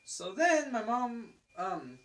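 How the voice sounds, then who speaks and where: A young adult vlogger rants casually through an exasperated story, swearing freely and filling gaps with lots of fillers. The voice is mid-range, sing-song and fairly bright, and takes its time.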